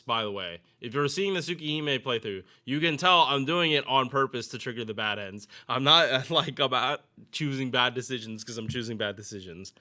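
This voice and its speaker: Guy rambling about gacha banners, bright crisp voice, talks to chat. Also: medium pitch. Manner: rambling, restarts, chatty with viewers. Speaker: gaming YouTuber. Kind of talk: casual game commentary.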